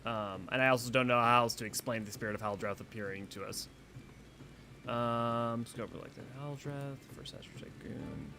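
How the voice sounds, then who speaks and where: A man's voice: medium pitch, moderate pace, gravelly, bright, forceful tone, a little hiss or hum. A man giving rambling, casual commentary while streaming a game, thinking aloud with many fillers. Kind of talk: casual let's-play commentary.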